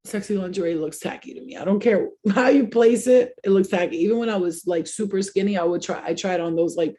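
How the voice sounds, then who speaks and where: A young woman hosts a casual chat with a husky, breathy voice at a middle pitch. She tells candid, crude stories and laughs often. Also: fast talker, dark tone. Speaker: host.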